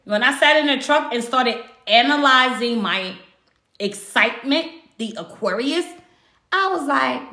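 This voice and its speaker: This woman's voice is lively and bright, pitched somewhat high, as she chats casually on her spiritual livestream. She tells a personal story with lots of emphasis, animation and free swearing. Echo fills the room around her.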